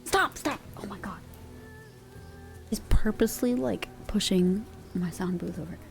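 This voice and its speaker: A woman streaming live ASMR, chatting casually and playfully, drifting between soft whispers and quiet talk from a home sound booth. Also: medium pitch, measured pace, vocal fry, soft background music.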